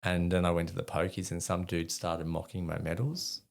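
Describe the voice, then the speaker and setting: Middle-aged Australian man, very low gravelly voice, rambling and sweary, chuckles through his own stories. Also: completely flat delivery, moderate pace. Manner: rambling, swears freely, laughs at himself. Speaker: guest, army veteran. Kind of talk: casual storytelling in an interview.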